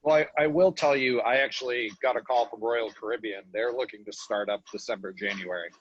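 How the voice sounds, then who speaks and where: A man's voice: medium pitch, steady tone, brisk, a little hiss or hum. A man sharing news matter-of-factly on a casual group call. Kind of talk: casual chat. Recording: dull lo-fi call audio.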